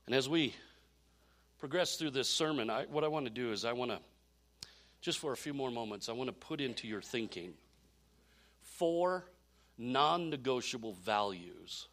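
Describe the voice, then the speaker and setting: A man preaching a sermon, telling a story in an animated way and often repeating phrases. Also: mid-range voice, moderate pace, long pauses. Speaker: pastor.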